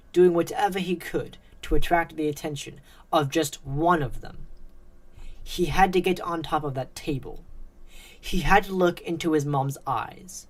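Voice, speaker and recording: A woman reading a dark horror story aloud in a measured, suspenseful way. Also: low-pitched. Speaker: narrator. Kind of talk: scripted story narration.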